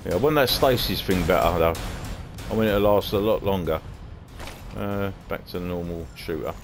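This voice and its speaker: Cockney streamer, deep-voiced, chatty rambling commentary, faint music under him. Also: male voice, moderate pace. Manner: rambling, chatty, mutters to himself. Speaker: gaming streamer. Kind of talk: casual gameplay commentary. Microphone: headphones on, streaming setup.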